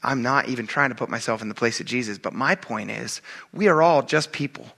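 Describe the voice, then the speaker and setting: A middle-aged male pastor preaching a casual, animated sermon, often asking his congregation "right?" and acting out quotes in a raised voice. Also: mid-range voice, brisk, gravelly.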